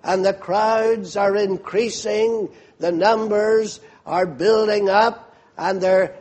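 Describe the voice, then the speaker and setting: A man's voice: high-pitched, steady tone, takes it slowly, darkish tone. A male preacher delivering a sermon, retelling a scene vividly and asking listeners to picture it.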